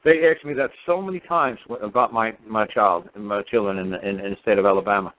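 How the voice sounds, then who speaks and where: Over a tinny, phone-like line, a man on a radio show tells his story with impassioned defiance, emphatic and repetitive. His voice is lowish and his pace quick.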